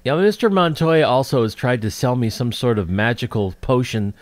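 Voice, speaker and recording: A man's voice: mid-range voice, normal speed, dry recording. A man co-hosting a podcast, chatting casually and teasing his co-host playfully.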